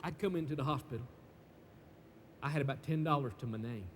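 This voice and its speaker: A man preaching a sermon, stammering and repeating words in folksy, emphatic speech that swings from loud to hushed. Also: mid-range voice, brisk. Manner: emphatic, swinging between shouts and hushed tones. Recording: long reverb, faint background noise.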